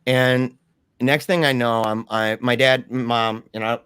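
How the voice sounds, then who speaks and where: A young man telling his personal story in a candid, animated way with slangy asides. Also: mid-range voice, slow, smooth, no room sound, clean studio sound.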